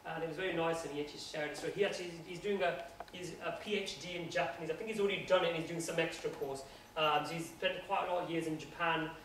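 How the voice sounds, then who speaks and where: A man's voice: on the high side, fairly even intonation, fast talker, fairly bright tone, distant mic. A man giving an informal religious talk to a university society, speaking in an earnest, conversational way. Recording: echoey room, voice from afar, faint noise.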